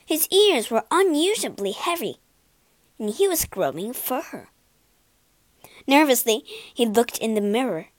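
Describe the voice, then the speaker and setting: A woman reading a children's storybook aloud with expressive, dramatic narration. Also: fairly high pitch, measured pace, pauses often, no echo.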